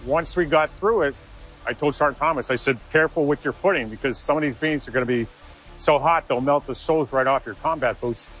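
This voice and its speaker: A man's voice: medium pitch, fairly quick, a bit bright, breathy edge, soft background music, rough recording. Earnest man recounting a rescue. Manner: earnest storytelling with restarts. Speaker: interviewee, former Marine. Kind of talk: personal recollection interview.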